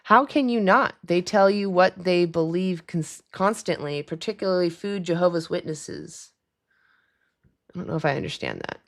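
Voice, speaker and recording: A young woman talking casually on her livestream, chatty and quick to laugh as she answers commenters. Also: on the low side. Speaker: livestream host. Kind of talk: casual live-stream chat.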